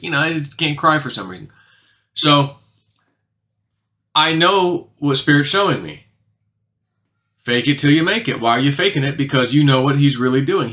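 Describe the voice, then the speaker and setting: A man with a bright, ringing voice talks through a long personal story to his audience. His delivery is loose and rambling, padded with filler words. He often sinks lower and softer to stress a point. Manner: rambling, heavy on "you know" fillers, drops quieter for emphasis. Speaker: channel host recounting a dream. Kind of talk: casual monologue.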